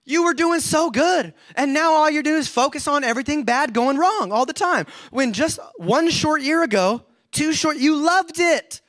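A man preaching a humorous sermon as pastor, energetic and joking, often acting out everyday complaints. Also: extremely high pitch, moderate pace, few pauses, no room sound. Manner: energetic, joking, self-described overcaffeinated; acts out everyday complaints in quoted voices.

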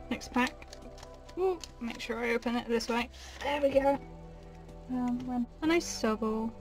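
A young woman chatting casually as she opens trading card packs, excitable and giggly, with gasps and soft asides, from a small bedroom desk. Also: a little high. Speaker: card-opening vlogger. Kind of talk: casual unboxing chat.

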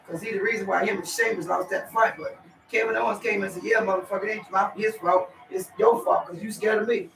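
Man, high gravelly voice, laid-back cooking vlog, phone mic set back in a roomy kitchen with household noise. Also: far from the mic. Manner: loose, chatty, talks straight to viewers with lots of "y'all". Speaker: cooking vlogger. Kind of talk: casual cooking vlog chat. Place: home kitchen.

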